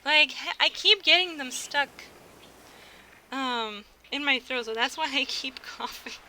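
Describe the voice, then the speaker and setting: With a high, sharp-toned voice and an unhurried pace, a young American woman chats casually on her stream. She giggles and restarts her sentences a lot, over clear background noise.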